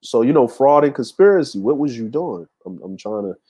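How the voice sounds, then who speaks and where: A man's voice: mid-range voice, expressive, fairly quick, dark tone, husky. Laid-back man hosting a casual stream. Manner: laid-back, laughing, talks to chat with many fillers. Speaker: show host. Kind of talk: casual livestream commentary.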